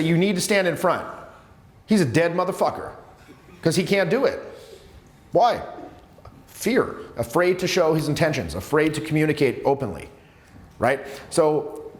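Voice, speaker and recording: Animated male coach in echoey room. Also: on the high side. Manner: animated, emphatic, swearing, many restarts. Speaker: social skills coach. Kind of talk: live workshop teaching. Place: seminar room with students.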